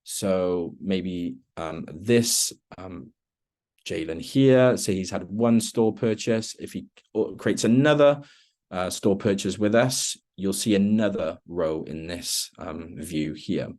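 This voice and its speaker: A man leading a relaxed screen-share demo of a software tool in an online meeting, with lots of ums as he walks through each step. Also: sits low, slow. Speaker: product trainer.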